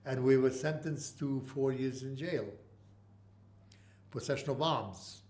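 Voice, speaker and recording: A man in his eighties from Mandatory Palestine, telling an oral history in halting speech with many pauses. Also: mid-range voice, a little mellow. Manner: halting, with frequent uh pauses and restarts. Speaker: interviewee.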